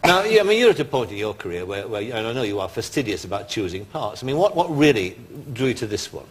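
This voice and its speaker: A man hosting a chat show, asking brisk leading questions of his guest. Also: fairly low pitch, sing-song, slightly rough. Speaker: talk show host.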